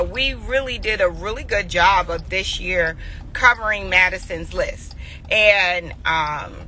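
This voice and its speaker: A woman's voice: mid-range voice, sharp tone, slight background noise. A woman in her forties telling a family story that turns into a heartfelt morning message, earnest and emotional, repeating phrases for emphasis. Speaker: mother sharing a devotional. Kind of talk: heartfelt storytelling turning into preaching.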